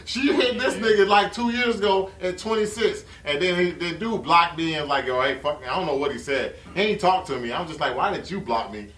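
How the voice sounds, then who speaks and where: A man's voice: a little high, a little fast, hardly any pauses, a bit bright. A man hosting a podcast who talks in a blunt, profane, joking way in casual chat. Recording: roomy, distant mic with faint ambience.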